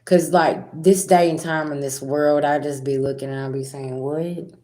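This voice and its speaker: A middle-aged woman, a spiritual reader talking casually and directly to her viewers in a rambling, animated way. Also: low-pitched, normal speed. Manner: animated, rambling, talks straight to viewers with asides. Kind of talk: casual direct-to-camera talk.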